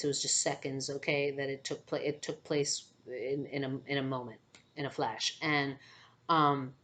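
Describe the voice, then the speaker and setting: Low-voiced woman telling a spiritual story. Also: fairly even intonation, normal speed, a bit bright. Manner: hesitant, many fillers, keeps asking "okay?". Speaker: spiritual channeler and empath.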